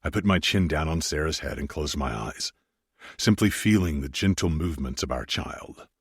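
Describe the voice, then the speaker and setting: Low husky guy reading a romance audiobook, brooding and intimate, dry close mic. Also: lively intonation, moderate pace, dry recording. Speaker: audiobook narrator. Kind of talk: first-person romance audiobook narration.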